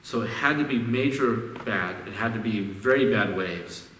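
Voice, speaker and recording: Speaking at a moderate pace in a fairly low, fairly bright voice, a male pastor gives a conversational sermon. He keeps restarting his phrases, repeating words as he goes. It's recorded from a distance in an echoey church sanctuary, with slight background noise.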